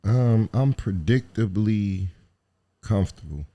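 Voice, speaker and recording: A man's voice: fairly low pitch, lively intonation, slow pace, mellow. A man cohosting a casual podcast, talking in a slangy, joking, profane way. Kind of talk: casual chat.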